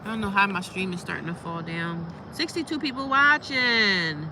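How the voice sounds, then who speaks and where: A woman in her forties chats on a live phone stream outdoors, talking straight to her viewers and answering their comments. Traffic noise carries clearly behind her. Her voice sits at an ordinary middle pitch. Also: normal speed. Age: 40s. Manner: chatty, reads and answers viewer comments aloud. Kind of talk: casual live-stream chat. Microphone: phone on a tripod.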